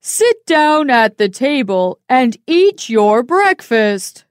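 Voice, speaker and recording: A booming giant woman from a storybook, as a woman puts her on speaks in slow, heavy words, a little higher than an everyday voice. The sound is close and dry. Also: very animated, no room sound. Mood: urgent. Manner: loud, slow and emphatic. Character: giant woman, huge and protective. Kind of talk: storybook reading.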